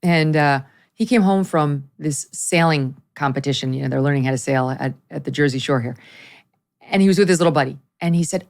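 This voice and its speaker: A middle-aged woman with a somewhat low voice hosts a relaxed interview. She talks in a chatty, animated way and slips into the voices of the people in her stories. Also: a little fast. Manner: lively storyteller who acts out quoted voices. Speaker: podcast host. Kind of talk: casual interview chat.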